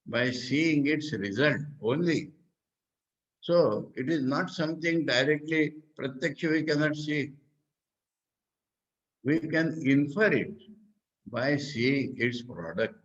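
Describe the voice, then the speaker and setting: In a muffled recording, a male monk with an Indian English accent teaches from scripture in a voice on the high side. He moves slowly, raising questions and supplying his own answers.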